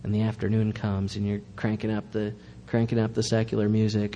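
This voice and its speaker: Mellow-voiced pastor preaching earnestly. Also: male voice, lowish voice, monotone, fairly quick, long reverb tail, slight background noise. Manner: earnest, emphatic preaching with repetition. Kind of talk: sermon.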